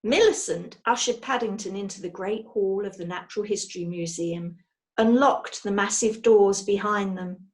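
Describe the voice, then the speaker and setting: A woman reading a children's book aloud with lively, expressive narration. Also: fairly high pitch. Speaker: storyteller.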